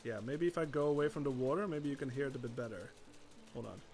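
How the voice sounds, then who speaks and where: A man's voice: mid-range voice, fast, a little mellow, slight background noise. A man streaming a video game, chatting casually as he plays, laughing often and swearing freely. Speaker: gaming streamer. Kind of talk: gameplay commentary.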